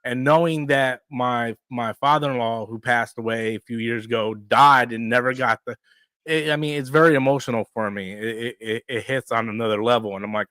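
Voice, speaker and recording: A man's voice: medium pitch, fairly even intonation, fairly quick, bright, forceful tone, no room sound. A man in his forties hosting a casual live stream, ranting animatedly and swearing freely. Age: 40s.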